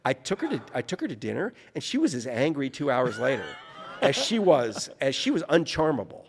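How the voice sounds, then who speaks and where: A New Orleans author speaking fairly quickly recounts anecdotes in an interview, his pitch moving widely as each story builds. He's animated and often corrects his own phrasing, against a long room reverb and slight background noise.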